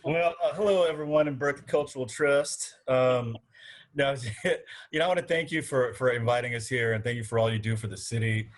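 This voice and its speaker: A man's voice: medium pitch, a little fast. Earnest man giving a forum speech. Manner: earnest, rhythmic, speechmaking delivery. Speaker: city council candidate. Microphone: video call.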